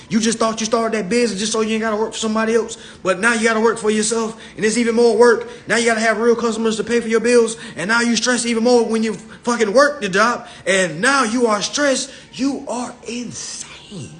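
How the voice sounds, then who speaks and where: A man with a notably high-pitched voice lectures on a phone live stream. He is blunt and confrontational, and he slows right down to hammer in the passages he reads aloud. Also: fairly bright tone. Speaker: livestream speaker. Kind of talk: livestream lecture, reading law text aloud.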